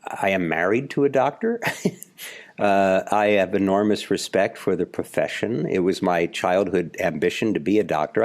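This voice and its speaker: A man in his seventies from Philadelphia, a guest actor telling animated stories in an interview. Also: low voice. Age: 70s. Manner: animated storyteller, acts out the people in his stories. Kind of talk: relaxed interview storytelling.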